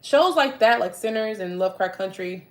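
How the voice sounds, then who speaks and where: A young woman chatting casually to her viewers about a book, reading passages aloud and riffing excitedly, laughing often. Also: a little high, normal speed. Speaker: book-discussing content creator.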